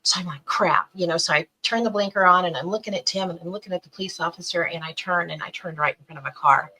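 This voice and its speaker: A middle-aged woman appears as a podcast guest, animatedly telling a personal story and acting out the voices of the people in it. Her voice is low-ish, slightly rough and fast, and the audio quality is poor.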